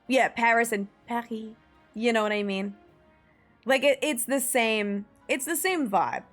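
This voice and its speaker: A young American woman streams a game and chats in a fairly high, expressive voice, speaking a little slowly. Her talk rambles with enthusiasm, packed with "like" fillers and the occasional swear word, while faint game music plays.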